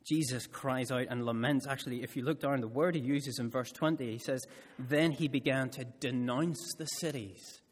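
Expressive preacher in a reverberant hall. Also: male voice, medium pitch, slightly rough. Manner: expressive storytelling delivery, slowing down for emphasis. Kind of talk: sermon. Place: church hall. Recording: church hall with long reverb.

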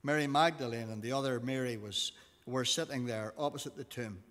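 Bright-voiced man reading scripture. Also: medium pitch, fairly quick. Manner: expressive reading, acting out quoted lines. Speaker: teacher. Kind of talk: reading scripture aloud in a class. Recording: long reverb of a hall.

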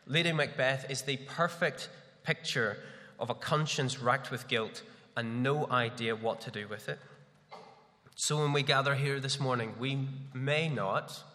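A man's voice: mid-range voice, measured pace, pushed and bright. A man with a head cold preaching a sermon in a chatty, self-deprecating way with many fillers. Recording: long reverb of a large hall.

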